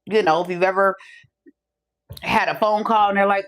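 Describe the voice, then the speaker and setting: A woman's voice: medium pitch, steady tone, moderate pace, pauses often, a bit bright. A middle-aged woman hosting a podcast, telling stories in a casual, profane style, acting out the other people's voices, from a room at home. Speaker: podcast host. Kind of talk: casual storytelling monologue.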